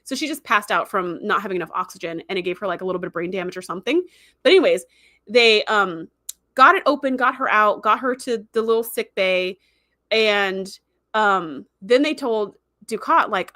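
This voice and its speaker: A young adult woman hosting a livestream, retelling a story in a casual, animated way with plenty of fillers. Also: medium pitch, fast talker, dry recording, clean studio sound. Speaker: livestream host reviewing episodes.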